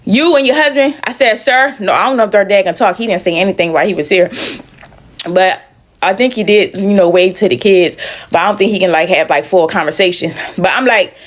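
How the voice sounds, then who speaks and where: A woman's voice: mid-range voice, brisk. A woman telling a personal story in a casual storytime style, emphatic and repeating phrases for effect.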